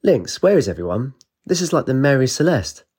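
A man voicing a brave young woman heroine, earnest and gentle. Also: medium pitch, sing-song, fairly quick, breathy edge, voice pushed up. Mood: puzzled. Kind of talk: audiobook character voice.

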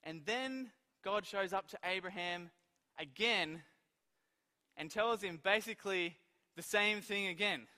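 A man preaching a sermon, telling stories in an animated way and acting out the quoted lines. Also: sits high, a little slow, long pauses, big-room sound.

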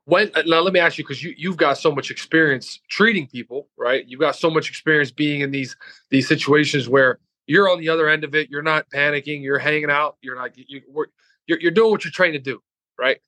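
A man's voice: on the high side, a little fast, pushed and bright, dry recording. A man who is a firefighter hosts a podcast interview and asks probing questions, often restarting and repeating words.

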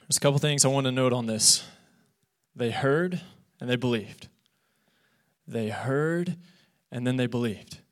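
Young man as youth pastor, earnest and animated sermon, brings quoted lines to life. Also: medium pitch, a little slow, long pauses. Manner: earnest, animated preaching that acts out quoted voices. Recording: podcast of a live church sermon.

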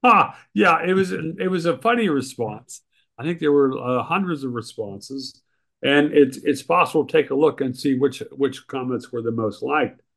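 A man's voice: medium pitch, normal speed, creaky, fairly bright tone. A man, a writer and regular co-host, talking politics casually with frequent ums and uhs. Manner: hesitant, many ums and uhs, critical.

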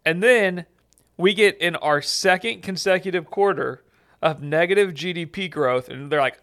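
A man's voice: fairly high pitch, normal speed, creaky, a bit bright. A man hosting a casual podcast, joking and sarcastic as he chats. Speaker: podcast host and immigration lawyer.

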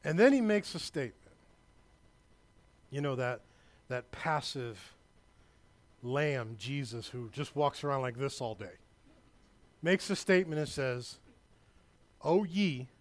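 A male pastor preaching a sermon, emphatic and loud, with asides to the congregation. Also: medium pitch, lively intonation, measured pace, long pauses.

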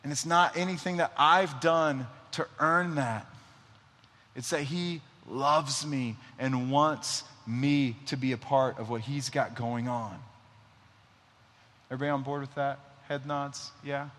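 A man's voice: mid-range voice, fairly even intonation, measured pace, a bit bright. A young adult man giving a conversational sermon, casual and often checking in with his listeners. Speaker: preacher. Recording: long hall reverb.

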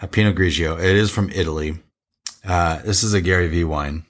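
Host, male, low-pitched, rambling casual wine-tasting chat. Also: a little fast. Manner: rambling, self-interrupting.

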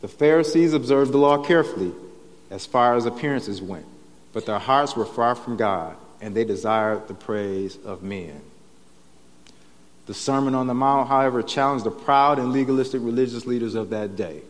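A man's voice: mid-range voice, moderate pace. Preacher man in a reverberant church hall. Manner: conversational preaching with frequent "right?" tags. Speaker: pastor. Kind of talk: sermon. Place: church sanctuary.

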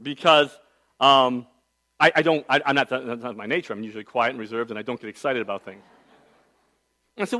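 A middle-aged male pastor preaching a sermon, telling a personal story in a conversational way, with big swings from soft to loud. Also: mid-range voice, lively intonation, brisk, long pauses.

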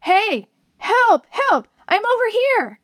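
A woman's voice: very animated, takes it slowly, a bit bright, no room sound, heavily acted. A woman voicing a young boy who is stuck and calling out for help. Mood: desperate. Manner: cries for help in a high strained voice. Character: young boy Chris, scared then relieved.

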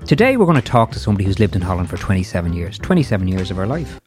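A middle-aged Irish man hosts a casual podcast chat in a fairly low voice. He rambles warmly through asides and restarts. Faint music sits underneath him. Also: very animated, racing. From Ireland. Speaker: podcast host.

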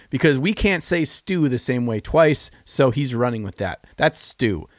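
A man from Minnesota co-hosting a hobby podcast, playful and quick to laugh, often slipping into silly voices. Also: medium pitch, big pitch swings, no room sound, clean studio sound. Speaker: podcast co-host. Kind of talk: casual chat.

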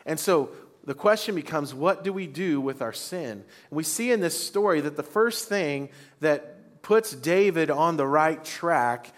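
A man's voice: on the high side, expressive, measured pace, hardly any pauses. A man preaching a sermon to a congregation, leading call-and-response lines. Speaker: pastor. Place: church before a congregation.

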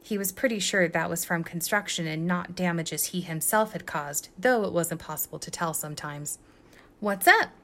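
A woman reading fan fiction aloud as a guest reader, telling it in a lively, expressive way. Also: lowish voice, normal speed, hardly any pauses.

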